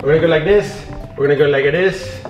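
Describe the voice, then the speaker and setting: A man hosting a family toy vlog, talking playfully and excitedly with his kids. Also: on the high side, quick pace. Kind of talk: casual family vlog chat. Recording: music bed under voice.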